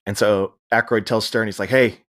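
A man co-hosts a podcast and walks through a film's story in relaxed chat. He acts out the characters' lines as he goes and breaks into laughter often. His voice sits at an ordinary middle pitch. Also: moderate pace. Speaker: podcast co-host. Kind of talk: casual chat recapping a film.

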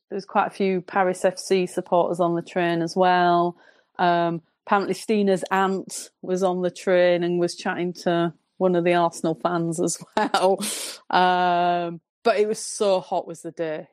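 A woman with a Northern English accent, a podcast guest telling a rambling, relaxed story in casual chat. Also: fairly low pitch, dry recording, studio quality. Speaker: podcast guest, football fan.

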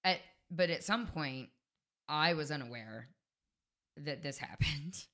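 Low-voiced woman, frank casual chat. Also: lively intonation, takes it slowly, sharp tone. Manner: frank, chatty, laughs easily. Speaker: podcast co-host.

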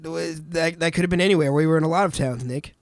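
A man's voice: on the high side, fast. A man co-hosting a casual chat, rambling and swearing as he guesses at film plots. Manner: rambling, profane, unsure guesses. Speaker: podcast co-host.

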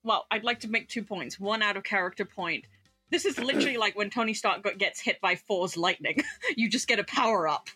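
Bright-voiced woman playing a tabletop game. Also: medium pitch, a little fast, faint music behind. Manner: animated, swearing, laughing. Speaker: player. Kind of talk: tabletop role-play chat.

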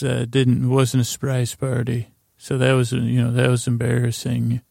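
A podcast host with a deeply gravelly, fry-heavy voice meanders through a scene-by-scene recap, stumbling over words and paraphrasing characters. His delivery stays level and flat, recorded close and dry. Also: moderate pace, hardly any pauses, no room sound. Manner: meandering, full of fillers and restarts. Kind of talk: rambling episode recap for sleep.

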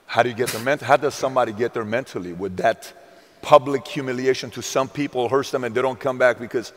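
A man hosting an interview, talking like an excited fan and tossing in sarcastic asides. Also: medium pitch, fast, long reverb tail. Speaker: interview host. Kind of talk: casual interview chat.

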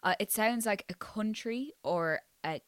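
A woman's voice: mid-range voice, a little slow, no echo. A woman co-hosting a podcast, playful and rambling in casual chat. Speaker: podcast co-host.

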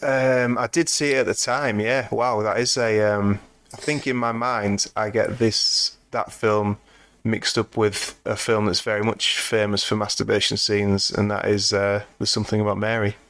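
Low, flat-voiced man, podcast co-host. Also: moderate pace, hardly any pauses, no room sound. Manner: meandering, restarts sentences, dry humor. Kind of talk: casual film discussion.

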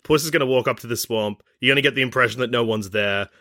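Aussie guy on a podcast, bright voice, deadpan jokes, dry close sound. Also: medium pitch, fast, no echo. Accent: Australian. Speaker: podcast co-host. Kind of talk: casual comedic chat.

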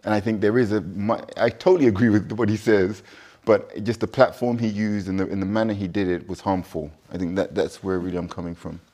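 A man talks fast in a dinner-table debate, his voice a little low. He stumbles and repeats words as he builds his argument. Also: fairly even intonation, mellow. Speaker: dinner guest. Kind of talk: casual discussion.

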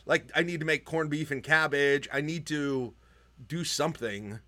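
A man co-hosting a casual sports podcast, talking in an animated, chatty way. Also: fairly high pitch, moderate pace. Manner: animated, puts on a mock Irish accent at times. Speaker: podcast co-host. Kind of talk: casual chat. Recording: remote call recording.

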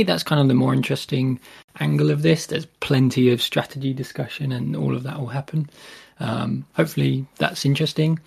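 A man hosting a podcast with a casual intro. He talks haltingly and leans on lots of fillers. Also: a little high, vocal fry, a little mellow, husky. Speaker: podcast host.

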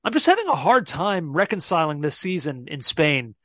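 A man with a fairly high voice hosts a football chat. He reflects out loud, pausing with fillers as he reasons. The sound is dry and close. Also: sing-song, no room sound. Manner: reflective, thinking aloud with many fillers. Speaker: podcast host. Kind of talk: casual sports chat.

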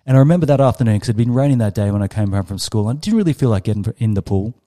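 Australian man in his 30s, guest storyteller; low, mellow voice, emphatic delivery. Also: lively intonation, rapid-fire. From Western Australia. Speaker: guest, startup coach. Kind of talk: storytelling in a podcast interview.

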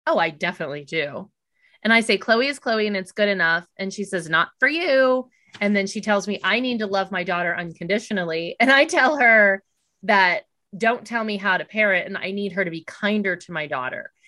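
A woman's voice: medium pitch, fast talker, sharp tone. A middle-aged woman co-hosting a casual chat, recapping events bluntly and acting out quoted dialogue. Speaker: podcast co-host.

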